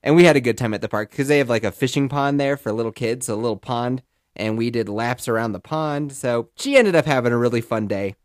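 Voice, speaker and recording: A young man in casual podcast storytelling, rambling and jokey with lively bursts. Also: mid-range voice, brisk, no room sound, clean studio sound. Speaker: podcast host.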